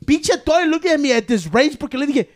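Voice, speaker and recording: A man co-hosting a podcast in casual banter, animated and swearing, laughing often. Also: very high voice, quick pace, no echo, studio quality. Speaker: podcast co-host. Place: indoor studio table.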